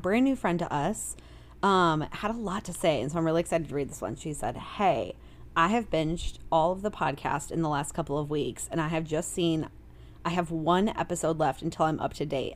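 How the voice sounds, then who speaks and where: A woman co-hosting a podcast in casual chat, chatty and giggly, laughing often as she reads listener messages. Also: lowish voice. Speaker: podcast co-host.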